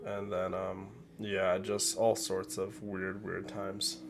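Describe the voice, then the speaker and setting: Brief: a sick, nasal male streamer rambling to viewers, low and gravelly. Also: flat delivery, takes it slowly, background noise. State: sick, congested. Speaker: gaming streamer. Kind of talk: casual let's play commentary.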